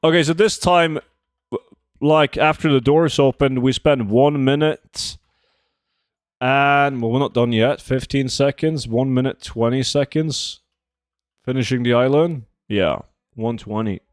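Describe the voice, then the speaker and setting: A young man chats his way through a game stream, reading out questions from chat and answering them off the cuff. His voice sits at an ordinary pitch, and the sound is close and dry, with no room around it. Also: measured pace, no room sound. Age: 20s. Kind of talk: casual live-stream chat while gaming.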